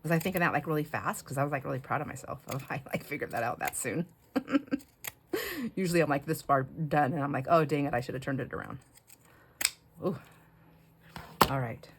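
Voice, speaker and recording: Middle-aged lady chatting while she crafts, low voice, laughs a lot, trails off mid sentence, faint background hiss. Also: brisk, pauses often. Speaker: craft channel host. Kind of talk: casual chat while crafting.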